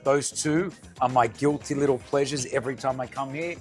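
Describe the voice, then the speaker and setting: An energetic man with an Australian accent, a restaurant owner and radio host chatting casually in an interview and acting out quoted lines as he tells stories. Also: mid-range voice, fairly quick, soft background music. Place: restaurant comedy club.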